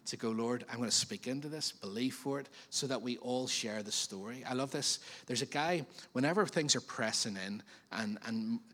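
A man preaching a sermon as pastor, in a chatty, animated way with frequent questions to the congregation. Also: medium pitch, moderate pace, few pauses. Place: church auditorium. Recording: long reverb of a church hall.

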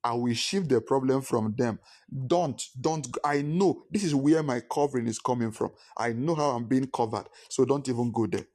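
A man's voice: medium pitch, moderate pace, darkish tone. A man preaching a sermon as a pastor, repeating his points and acting out phone calls with his father in pidgin.

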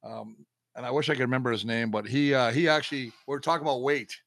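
Animated middle-aged football analyst. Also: male voice, mid-range voice, fast, vocal fry, no echo. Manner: animated storyteller, emphatic. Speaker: football analyst, former player. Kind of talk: casual sports talk.

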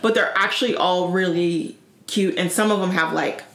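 A woman's voice: fairly low pitch, normal speed, a little hiss or hum. A woman in her thirties in casual podcast chat, telling stories with laughs and sung-out bits. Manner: laughing, animated storytelling. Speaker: podcast co-host. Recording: echoey room.

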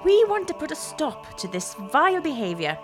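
A woman's voice: sits high, sing-song, normal speed, music in the background. A woman playing an earnest charity appeal announcer in a parody ad, with a solemn, mock-serious delivery.

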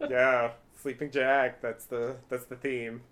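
A man's voice: medium pitch, level tone, slow, a bit bright. A man co-hosting a podcast, giving casual commentary on a TV episode with wry asides and frequent chuckles. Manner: laid-back, chuckles often, wry asides. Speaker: podcast co-host.

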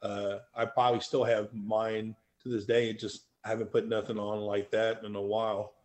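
A man telling stories as a powerlifting guest in a casual interview, animated and swearing freely. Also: fairly low pitch, moderate pace. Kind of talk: casual storytelling.

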